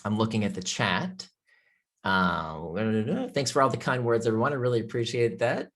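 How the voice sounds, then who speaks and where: A man giving an impassioned talk on a video call, with emphatic rhetorical questions, then calmly answering audience questions from the chat. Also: on the low side, normal speed. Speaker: author and speaker.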